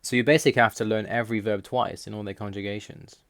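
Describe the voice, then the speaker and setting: A man giving a scripted voice-over explanation, reading out word lists slowly and in a measured way. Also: fairly low pitch, fairly even intonation, a bit bright, no room sound, clean studio sound. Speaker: language learner explaining Russian.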